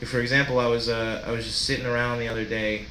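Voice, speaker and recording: A man performing a stand-up set in a comedy club, with a low-key, deadpan delivery. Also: fast talker, roomy sound, background noise.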